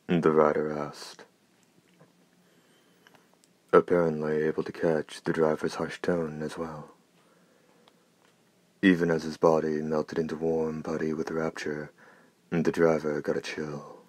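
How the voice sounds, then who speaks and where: A man narrating an audiobook in a measured, steady, unhurried way. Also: extremely low pitch, no echo.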